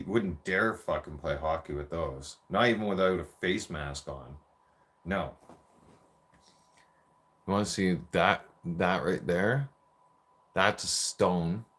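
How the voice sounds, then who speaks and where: A man in his forties telling a rambling, profane childhood story in a casual rant. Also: deep voice.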